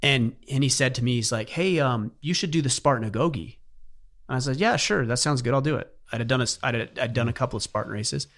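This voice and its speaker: A man's voice: mid-range voice, fast, fairly bright tone. A middle-aged man hosting a podcast, telling personal stories in an earnest, heartfelt way in casual conversation. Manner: earnest storytelling, emotional at times. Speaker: podcast host.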